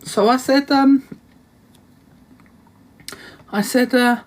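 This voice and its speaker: A man in young adulthood tells a long story straight to camera. He rambles and repeats himself, stacking up reported lines with a steady, indignant edge. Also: high-pitched, slow, pauses often, slight background noise. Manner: indignant, rambling with many fillers and "I said" asides. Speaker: vlogger.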